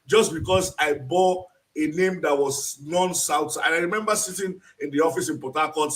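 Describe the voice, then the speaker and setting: Animated Nigerian-born man, bright and distant. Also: fairly high pitch, normal speed. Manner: animated, emphatic storytelling with acted-out quotes. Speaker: lecturer and interview guest. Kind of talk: live online interview. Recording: distant from the mic.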